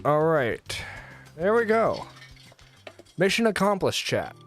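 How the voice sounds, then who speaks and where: A man's voice: on the high side, very animated, slow pace, soft background music. A man hosting a casual gaming livestream, chatty and rambling while he plays. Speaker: streamer host.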